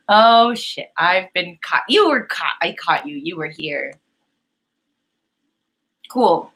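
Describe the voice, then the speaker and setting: A woman's voice: mid-range voice, sing-song, measured pace, fairly bright tone, poor audio. A young woman hosting a painting live stream, chatting casually and giggling as she talks to her chat. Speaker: painting livestream host.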